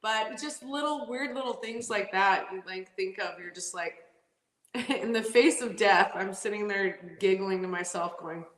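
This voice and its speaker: A woman's voice: mid-range voice, unhurried, reverberant, poor audio. A woman drag racing driver telling stories in a casual interview, laughing often and acting out what people said. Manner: animated, laughs often, acts out quotes.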